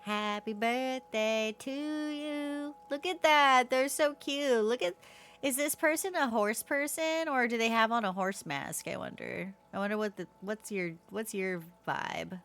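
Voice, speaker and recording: A woman's voice: on the high side, normal speed, a bit bright. A woman streaming a video game at home, chatting casually with her viewers and reacting aloud with frequent laughs.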